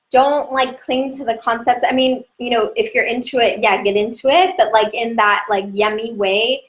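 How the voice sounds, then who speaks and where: A woman teaching an online lesson in a chatty, gentle way, slowly listing terms one at a time. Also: fairly high pitch, rough recording. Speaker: calendar teacher.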